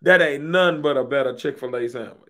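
A man co-hosting a podcast, talking in loud, profane, joking banter. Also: medium pitch, fast talker. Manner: loud, profane, jokey, exaggerating. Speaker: podcast co-host.

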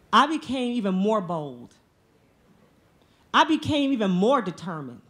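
A woman in her forties telling a personal story on stage at a live storytelling event, earnest and emotional. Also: medium pitch. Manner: earnest, emotional, speaks from the heart.

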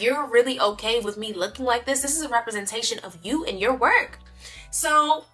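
Bright-voiced young woman venting animatedly. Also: mid-range voice. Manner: animated, emphatic, slangy venting. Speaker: vlogger. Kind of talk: casual storytime chat.

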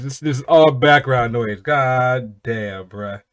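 Guy doing a music reaction vid, cusses a lot, gets loud and squeaky when he cracks up, normal mid voice. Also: slow. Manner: swears a lot, bursts into loud high laughing excitement. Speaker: reaction channel host.

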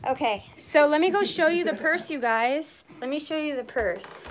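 A middle-aged woman chatting excitedly and frankly on a live phone stream from her home shed. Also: high voice, moderate pace. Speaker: purse vlogger. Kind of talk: casual live-stream chat. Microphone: phone camera.

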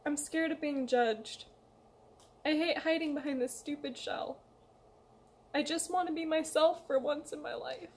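High-voiced young woman, emotional and halting, reading a heartfelt letter aloud to her loved ones. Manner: emotional, hesitant, pleading, reads a letter aloud. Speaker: vlogger. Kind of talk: emotional personal confession.

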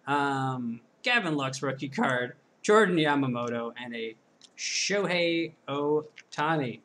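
A man's voice: medium pitch, animated, takes it slowly, pushed and bright, slight background noise. A man hosting his own channel, casually talking to himself while opening packs, self-deprecating and chatty, from the corner of a room at home. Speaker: card-breaking channel host. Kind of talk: casual solo pack-opening commentary.

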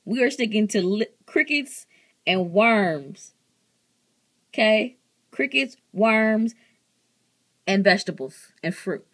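A young woman vlogging casually at home, exclaiming in disgust and then talking softly to her pet lizard. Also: medium pitch, takes it slowly, pauses often.

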